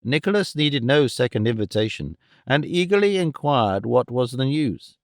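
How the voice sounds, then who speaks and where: A man narrating a classic novel in a measured, expressive audiobook reading. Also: medium pitch, no echo, studio quality.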